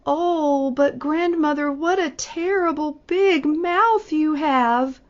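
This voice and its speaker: A woman voicing an innocent, cheerful young girl in a storybook, speaking slowly and earnestly. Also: mid-range voice, very animated, lo-fi sound. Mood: wondering.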